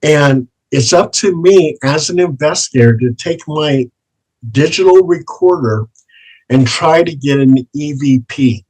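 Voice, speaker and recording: Slow, husky man telling ghost-hunt stories. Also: mid-range voice, darkish tone, rough recording. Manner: slow, plain anecdotal telling, repeats set phrases. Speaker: paranormal investigator. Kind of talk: interview storytelling.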